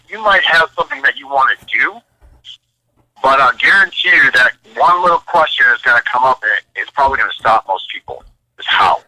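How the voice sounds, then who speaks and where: A man with a strikingly bright, forceful voice talks bluntly in short, punchy bursts of encouragement. He is a military veteran on a podcast, urging listeners on, and his voice sits dry and close with almost no room sound around it. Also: mid-range voice, no room sound, poor audio. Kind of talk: motivational conversation.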